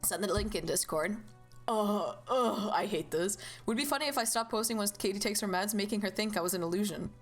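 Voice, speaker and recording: A young woman streaming a game, chatting casually and animatedly with viewers, with loud outbursts and swearing. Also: medium pitch, quick pace, hardly any pauses, soft background music. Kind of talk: casual live-stream chat.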